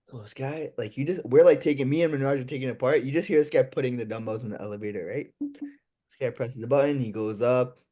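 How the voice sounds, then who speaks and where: A man's voice: mid-range voice, fast. A young man telling stories in a casual podcast chat, swearing freely and acting out quoted lines. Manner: animated, swears a lot, acts out quoted lines. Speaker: podcast guest.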